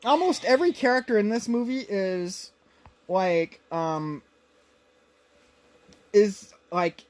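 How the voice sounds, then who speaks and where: Woman podcast co-host, casual movie recap, rambling, filler-heavy, mid pitch. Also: slow pace, a little mellow. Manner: rambling, full of fillers and restarts.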